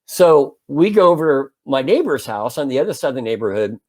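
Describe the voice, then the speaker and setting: A man in his fifties casually telling a long anecdote as a podcast co-host, animated and full of restarts. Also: medium pitch, a little fast. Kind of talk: casual storytelling chat.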